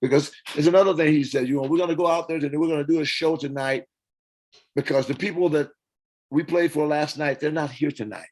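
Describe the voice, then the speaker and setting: Older man telling animated stories. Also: a little high, a little fast, low-quality recording. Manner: animated storyteller, acts out quotes and hums parts. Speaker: interview guest, former band singer. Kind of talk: casual storytelling interview.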